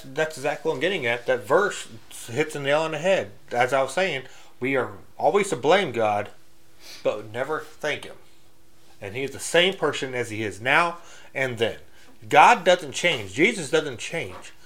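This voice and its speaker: A man giving a casual, blunt faith talk, preaching straight with many restarts and loose grammar. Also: mid-range voice. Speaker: Christian speaker.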